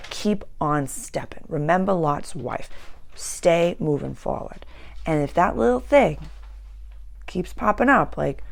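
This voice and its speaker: A woman astrologer and channeler in casual spiritual talk, earnest, slowing down and repeating words for emphasis. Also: low voice, expressive, vocal fry.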